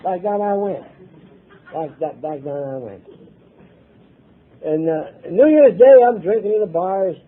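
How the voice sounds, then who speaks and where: An older American man telling his own story to a recovery meeting, blunt and earnest, swearing and repeating phrases. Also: a little high. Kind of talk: personal story told to a live meeting. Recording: tinny lo-fi tape recording.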